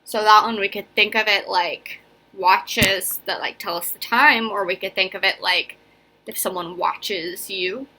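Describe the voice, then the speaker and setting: Bright-voiced chatty woman teacher. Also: medium pitch, fairly even intonation, a little slow. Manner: chatty and encouraging, often checking in with "right?" and "okay?". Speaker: elementary school teacher. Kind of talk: casual classroom video lesson.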